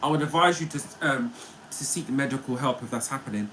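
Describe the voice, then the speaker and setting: A man's voice: mid-range voice, a little fast, background noise. A man hosting a casual livestream, chatting playfully with viewers and reading their comments. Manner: chatty and playful, often laughing. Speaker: livestream host.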